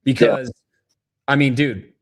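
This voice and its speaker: A man's voice: medium pitch, slow. Earnest man hosting a talk show. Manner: earnest, emphatic, stumbling restarts. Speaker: podcast host. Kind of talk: casual interview.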